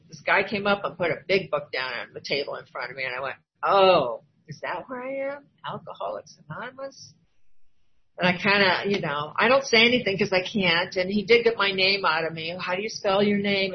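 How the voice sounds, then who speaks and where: A woman's voice: medium pitch, a little hiss or hum. An older woman from Iowa telling her own recovery story to a meeting, candid and acting out the voices she quotes. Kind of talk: personal testimony at a recovery meeting. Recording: dull lo-fi recording, faint ambience.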